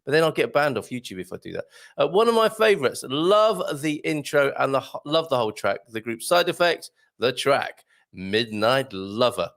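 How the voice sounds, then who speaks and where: Reading through viewer comments on his live morning show, a male host chats and jokes casually, laughing often and saying um a lot. His fairly high voice is very animated, a little fast, creaky and a bit bright.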